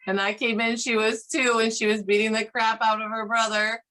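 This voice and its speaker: Bright-voiced woman student, blunt. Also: fairly high pitch, flat delivery, normal speed. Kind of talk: casual classroom chat.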